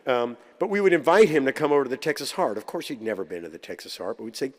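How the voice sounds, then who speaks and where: A man's voice: medium pitch, expressive, fast talker, few pauses. A man giving a conference keynote, with humorous, anecdotal storytelling. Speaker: keynote speaker. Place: conference hall. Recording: long hall reverb.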